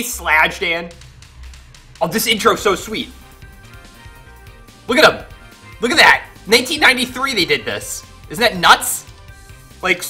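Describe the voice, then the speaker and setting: Excitable man streaming a game. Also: sits high, slightly rough. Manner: chatty, greets chatters, excitable outbursts. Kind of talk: casual live game stream chat. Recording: game music playing behind. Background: faint game music.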